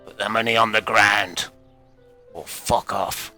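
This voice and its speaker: A game master voicing a gruff, threatening male kidnapper during a tabletop game. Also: fairly low pitch, steady tone, unhurried, bright, forceful tone, soft background music. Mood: menacing. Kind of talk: tabletop game role-play.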